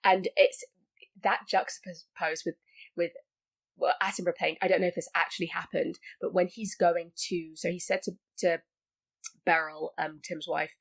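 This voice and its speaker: A woman's voice: on the low side, flat delivery, moderate pace, vocal fry. A woman talking casually about a film as a podcast guest, full of likes and restarts. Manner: chatty, many likes and restarts.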